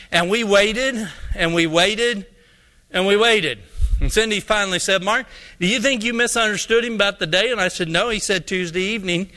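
Male pastor from Colorado, high bright voice, folksy storytelling sermon. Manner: folksy storyteller, acting out both sides of a dialogue.

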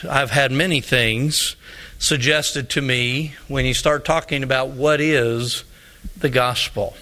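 Male pastor from Colorado, high bright voice, folksy storytelling sermon. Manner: folksy storyteller, acting out both sides of a dialogue.

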